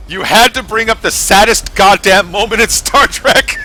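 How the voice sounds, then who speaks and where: A man chats casually while streaming a game, rambling with lots of fillers and swearing. His voice sits high and sounds pushed and bright, animated at a moderate pace with hardly any pauses, over soft background music.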